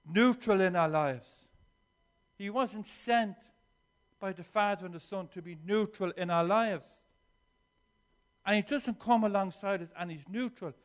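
A man preaching with a notably high voice. He moves between soft, reflective stretches and forceful, emphatic declarations, often restarting and repeating words as he builds a point. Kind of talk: sermon.

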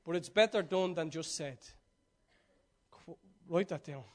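A man delivering a sermon in a high voice. He urges his listeners loudly, then sinks to soft, intimate near-whispers. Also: normal speed. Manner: animated, swings from loud urging to hushed near-whisper. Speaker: preacher.

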